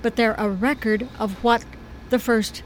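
An American woman, a stage director, talking through her production in a thoughtful, chatty interview with a gentle humor. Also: a little high, fairly even intonation, unhurried, a little hiss or hum, rough recording. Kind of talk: conversational interview.

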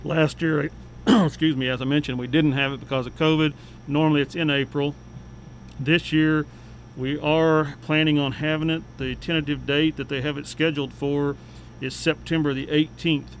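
A man speaking as a city official on a local radio talk segment, plain and unhurried with many fillers. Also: a little high, level tone, a little hiss or hum, low-quality recording. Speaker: city official giving updates.

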